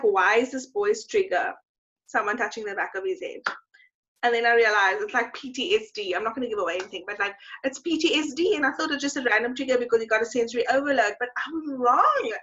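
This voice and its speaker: Young woman, podcast co-host, high bright voice, effusive casual chat, dull lo-fi recording. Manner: gushing, animated, quick to laugh. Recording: dull lo-fi sound.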